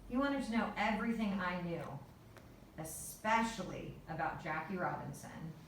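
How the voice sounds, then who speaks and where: A woman reading a children's story aloud in a measured, unhurried way. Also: on the low side, expressive, a little hiss or hum. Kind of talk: storybook narration. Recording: echoey room, voice from far off.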